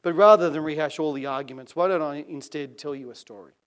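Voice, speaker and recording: A male preacher delivering a sermon, reading passages aloud with measured, dramatic emphasis that swells on key phrases. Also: a little high.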